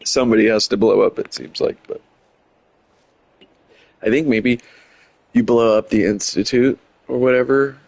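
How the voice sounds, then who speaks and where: A man's voice: mid-range voice, fairly even intonation, normal speed, creaky, long pauses, a little mellow, no room sound, rough recording. A man streaming a game, chatting loosely with lots of fillers and rambling asides. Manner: rambling, many fillers, chuckling. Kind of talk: casual gameplay commentary.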